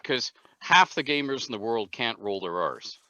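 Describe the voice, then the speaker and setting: An older man from Canada, a guest game designer telling stories in an animated way on a casual panel chat. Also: medium pitch, moderate pace, a little hiss or hum. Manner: animated storyteller, leans into words. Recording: dry, dull lo-fi call audio.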